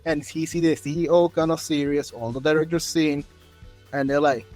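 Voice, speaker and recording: A man hosting a podcast, telling a story in a lively way and acting out the quotes. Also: fairly high pitch, fairly quick, soft background music. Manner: animated storyteller, acts out quotes in raised voices. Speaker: podcast host. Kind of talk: casual interview chat.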